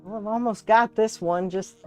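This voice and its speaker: Slow-talking Southern woman hosting a stream. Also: medium pitch, darkish tone. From Texas and Alabama, US. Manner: chatty, greets viewers by name, laughs often. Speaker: live-stream host and resin artist. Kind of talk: casual live-stream chat while crafting.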